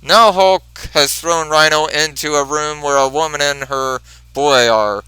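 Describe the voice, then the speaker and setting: A man's voice: a little high, measured pace, pushed and bright, clean tone, no room sound, low-quality recording. A man reviewing a comic book, retelling the story step by step. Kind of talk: comic book recap narration.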